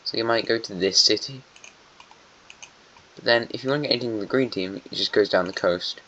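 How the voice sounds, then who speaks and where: A man narrates an alternate-history map in casual, rambling commentary, musing aloud and correcting himself as he wanders along. His voice sits on the low side and moves a little fast, with a bright, forceful tone. The dull lo-fi mic picks up slight background noise.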